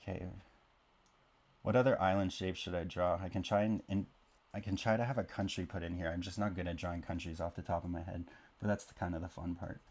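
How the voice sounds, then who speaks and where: Low-pitched guy, casual rambling commentary, self-deprecating humor while drawing. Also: steady tone, a little fast, a little mellow. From born in Canada, raised in Oklahoma. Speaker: map-drawing video creator.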